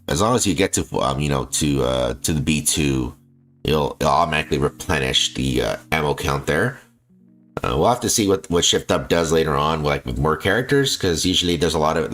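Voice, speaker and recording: Man, extremely low bassy voice, lively swings in pitch, rambling streamer chat, faint game music behind. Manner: rambling, filler-heavy, restarts often, laughs easily. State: feels like coughing. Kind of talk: casual live-stream chat while gaming.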